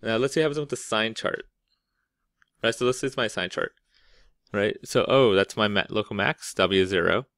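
Guy with a lowish voice walking through math stuff, super casual, keeps saying right?, dry close sound. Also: moderate pace, fairly bright tone, no echo. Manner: casual, explains step by step with lots of "right?". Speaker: math teacher. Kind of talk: classroom lecture.

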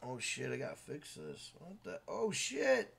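Loud, cursing man streaming a game. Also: fairly high pitch, wildly swooping pitch, measured pace, creaky, very noisy. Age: adult with a school-age son. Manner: loud, swears a lot, stern with his son. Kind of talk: casual live game stream.

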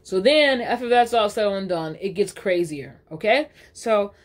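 A woman talks loosely and at length in a casual storytime vlog. She swears freely, drops slang fillers and keeps restarting and correcting herself, all in a voice of middling pitch. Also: unhurried. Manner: rambling, profane, uses slang fillers. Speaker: vlogger telling a personal story.

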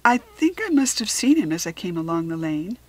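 Polite lady author, courteous, well-spoken, breathy, storybook, read by a woman. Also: lowish voice, very animated, brisk, no echo.

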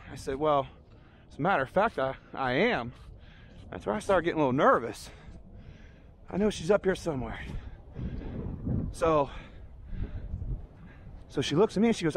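A man's voice: fairly high pitch, animated, normal speed, long pauses, slight background noise. A man telling a comic story outdoors on park trails, out of breath and rambling with mock outrage. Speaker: vlogger. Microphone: handheld camera.

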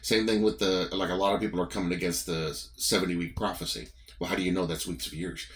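A man's voice: deep voice, steady tone, fast talker, a bit bright. A man with a Southern US accent giving a morning devotion, preaching in an emphatic, repetitive, conversational way. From American South.

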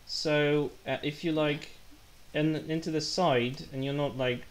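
This gaming livestreamer is chatty and self-deprecating, joking about his errors as he comments on live gameplay. His voice is a little high, his intonation fairly even, and his pace unhurried.

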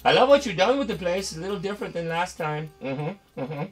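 A man's voice: sits high, sing-song, a little fast, soft background music. A man performing a one-sided comedy skit, nervous and placating, stammering as he talks to someone unseen.

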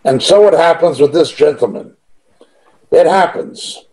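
A man's voice: fairly high pitch, a little slow, darkish tone, rough recording. A man teaching through a Bible passage verse by verse, reading it aloud and stressing points by repeating them. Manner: emphatic, repeats key phrases, reads verses aloud.

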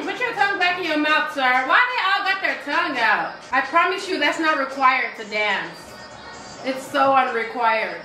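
Chatty woman host, bright voice, live reaction commentary; roomy echo, light music under. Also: sits high. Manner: chatty, exclamatory, sings along.

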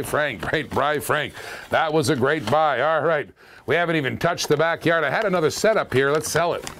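A man's voice: fairly high pitch, a bit bright. A man hosting a live-streamed auction, calling bids with repeated catchphrases, chatting to viewers and chuckling often.

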